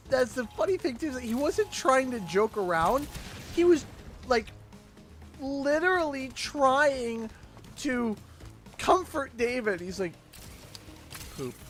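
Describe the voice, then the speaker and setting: Animated Canadian man telling stories. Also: very high voice, unhurried, soft background music. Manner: animated storyteller who laughs often. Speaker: gaming YouTuber. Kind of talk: casual chat while playing a game.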